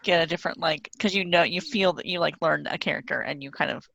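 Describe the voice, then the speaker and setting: A woman's voice: sits low, quick pace, gravelly, fairly bright tone. A woman co-hosting a podcast, talking things through thoughtfully and laughing often. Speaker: podcast co-host. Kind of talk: casual chat about a comic.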